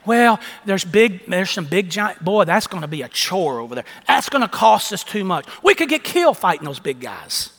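A man's voice: sits high, big pitch swings, moderate pace, few pauses, a bit bright, exaggerated voice. A man voicing a frightened male scout who complains in a folksy, drawling way. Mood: grumbling. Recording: long echo of a large hall.

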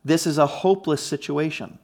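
A man's voice: a little high, fairly quick, darkish tone. A man preaching a conversational teaching sermon, emphatic and often checking in with his listeners. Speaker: pastor.

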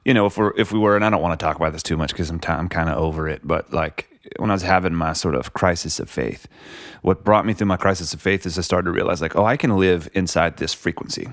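A man's voice: low voice, fast, no room sound, studio quality. A man talking reflectively in a casual conversation, rambling with lots of "like" and "you know". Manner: reflective, rambling, many likes and you knows.

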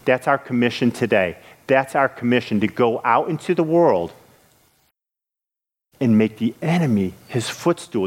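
A man preaching a sermon in an earnest way, with halting restarts, his voice rising when he retells scripture scenes. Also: mid-range voice, lively intonation.

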